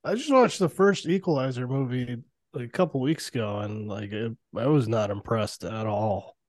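A man co-hosting a podcast, laid-back and low-key in casual chat. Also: normal speed, no echo. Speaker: podcast host.

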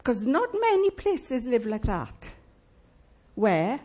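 A woman preaching a sermon in church, emphatic and lively, asking the congregation rhetorical questions. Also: a little high, slow, breathy edge.

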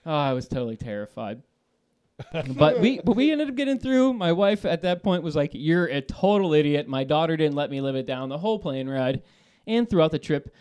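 A man calling in to a talk show, telling a story in a lively, laughing way, swearing and restarting his sentences. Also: on the high side, fairly quick, smooth. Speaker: caller. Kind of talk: casual storytelling.

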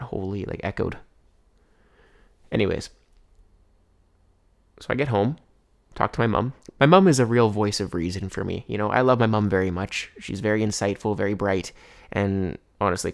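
Gravelly young man rambling to viewers. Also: fairly low pitch, brisk. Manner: rambling, filler-heavy, keeps saying "anyways". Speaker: vlogger. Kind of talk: casual storytelling to viewers.

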